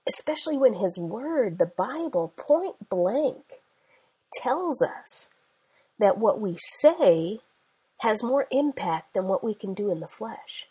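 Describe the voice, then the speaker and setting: A woman in her forties preaching a sermon, with emphatic, slowly stressed phrases. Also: mid-range voice, lively intonation, warm tone, slightly rough, poor audio. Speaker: Christian speaker.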